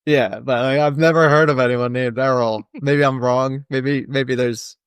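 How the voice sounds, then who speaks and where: Animated man chatting about a movie. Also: medium pitch, moderate pace, smooth, no echo. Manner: animated, laughs while recounting scenes. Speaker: podcast co-host. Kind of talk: casual movie review chat.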